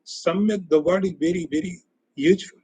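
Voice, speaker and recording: A man teaching as a spiritual teacher in a scripture lecture, speaking in short, emphatic, repeated phrases that often trail off softer. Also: high voice, fairly quick, a little hiss or hum, low-quality recording.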